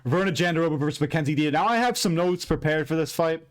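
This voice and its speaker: A man hosting an MMA recap channel, ranting loudly and profanely in an unscripted, rambling way. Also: on the high side, quick pace. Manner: loud, profane, heated and emphatic; rambling with frequent restarts and fillers. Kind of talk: unscripted fight recap rant.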